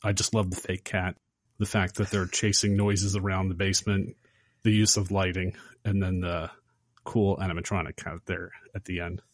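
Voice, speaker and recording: A man casually recapping a horror film on a podcast, acting out the characters' lines with animated energy. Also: low voice, moderate pace, dry recording, clean studio sound. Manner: animated storyteller acting out quotes. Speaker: podcast host.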